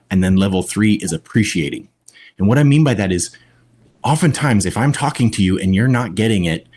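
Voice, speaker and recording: A man guest on a podcast, speaking in a reflective, deliberate way with long pauses. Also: lowish voice, a little mellow, breathy edge. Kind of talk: conversational podcast talk.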